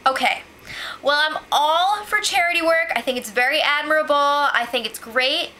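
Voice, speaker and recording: A woman's voice: high-pitched, normal speed, pushed and bright. A woman recapping a reality show in a casual vlog, chatty and opinionated, saying "like" a lot. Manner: chatty and opinionated, heavy use of "like".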